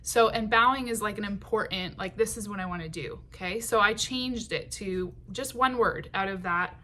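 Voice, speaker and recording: A woman teaching songwriting in a patient, unhurried way, with many ums and short sung phrases. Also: medium pitch, pushed and bright, slight background noise.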